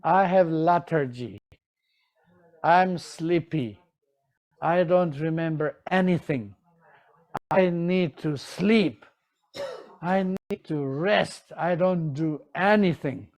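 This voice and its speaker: Guy doing a sleepy lazy pig, slow and draggy, voice sits a bit high, whiny drowsy complaining. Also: darkish tone. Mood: sluggish.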